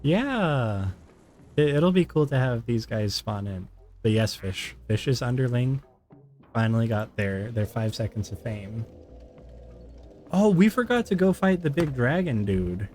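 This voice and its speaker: Gaming streamer, man, mid pitch, playful and tired, game music faint behind. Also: lively intonation, a little slow, darkish tone. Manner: playful, laughing, chatty. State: yawning, tired. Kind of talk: casual gameplay commentary.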